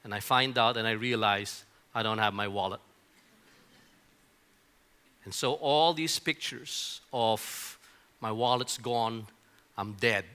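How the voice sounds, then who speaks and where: Man, middle-aged, pastor, bright forceful voice, chatty sermon storytelling, stumbling restarts. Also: lowish voice, slow pace, pauses often, smooth. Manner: conversational storytelling, often repeats words in restarts. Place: church auditorium.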